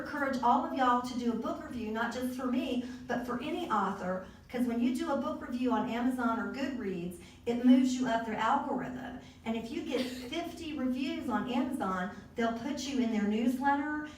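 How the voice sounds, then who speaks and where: A woman's voice: fairly high pitch, recorded from a distance, a little hiss or hum. A woman with a Southern US accent, an author talking casually and folksily to a party crowd. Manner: chatty, folksy, rambling. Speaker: author at her book release. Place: arts center event room. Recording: echoey room recorded from afar.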